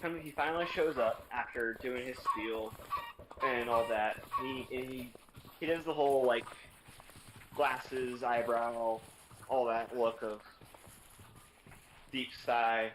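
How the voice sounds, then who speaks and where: A man's voice: mid-range voice, slight background noise, low-quality recording. Sarcastic young man telling a story. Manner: sarcastic, profane, animated storytelling with quick bursts. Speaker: streamer. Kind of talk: casual storytelling.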